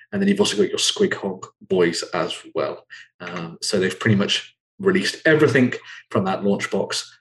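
A man's voice: lowish voice, a little hiss or hum, low-quality recording. A man hosting a casual chat, rambling with lots of ums and uhs as he runs through news. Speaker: host.

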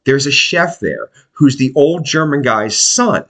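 A man's voice: medium pitch, big pitch swings, unhurried, fairly bright tone. Profane rambling storyteller man. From Pennsylvania. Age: 40s. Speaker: musician telling stories on a podcast. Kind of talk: casual chat.

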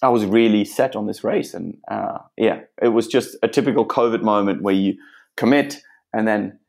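Gravelly low-voiced man, rambling. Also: moderate pace, a little mellow. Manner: laughing, rambling, many restarts. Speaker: guest athlete. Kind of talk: casual interview chat.

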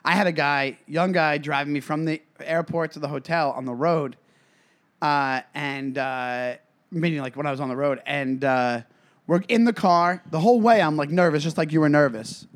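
Speaking at normal speed with a fairly high pitch, this man co-hosts a podcast in casual chat. He tells rambling stories loaded with "uh" and "like."

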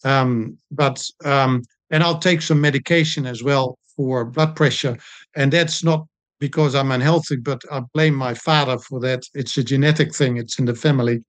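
An older man, a sports doctor telling stories in a relaxed interview, with frequent pauses and ums. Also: medium pitch, dry recording. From New Zealand. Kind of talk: casual storytelling interview.

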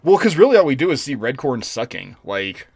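A man co-hosting a podcast, chatting casually and telling stories in an animated, swearing way. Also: mid-range voice, a little fast, husky, dry recording. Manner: animated, profane storytelling with restarts. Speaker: podcast co-host. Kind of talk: casual chat.

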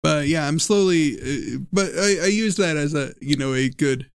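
Brief: male podcast co-host, higher-pitched, gravelly fry, animated, swears and laughs a lot. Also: normal speed, dry recording, studio quality. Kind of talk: casual chat.

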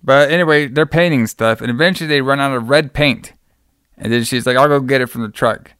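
A man recaps a movie for a podcast and throws in constant profanity and silly character voices. His voice is smooth and clear, and it is recorded dry and close. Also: brisk, fairly bright tone, no room sound. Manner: profane, joking, acts out characters in a high voice. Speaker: podcast host. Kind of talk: casual movie recap chat.

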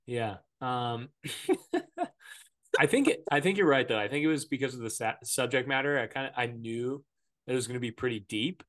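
A man's voice: medium pitch, a little fast, a bit bright. Joking, rambling man recapping a film. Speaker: podcast host. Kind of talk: casual movie-review chat.

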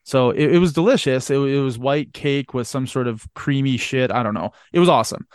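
A man's voice: mid-range voice, brisk, darkish tone, clear, resonant tone, no room sound, clean studio sound. A man hosting a podcast who tells a workplace story with lots of swearing, laughing and acted-out quotes. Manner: laughs often, swears, acts out quoted lines. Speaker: podcast host. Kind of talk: casual storytelling chat.

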